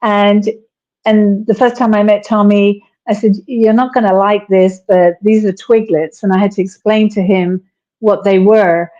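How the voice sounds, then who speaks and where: Woman reminiscing, mellow dull-sounding line. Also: mid-range voice, steady tone, measured pace. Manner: reminiscing, storytelling with quoted lines. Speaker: interview guest, widow. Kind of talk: conversational interview.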